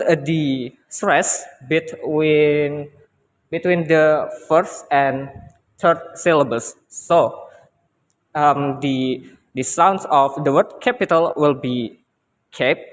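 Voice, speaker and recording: A man's voice: fairly high pitch, slow pace, in a large hall. A young man with an Indonesian accent giving a classroom presentation, hesitant and often repeating himself. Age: young adult. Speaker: student presenter.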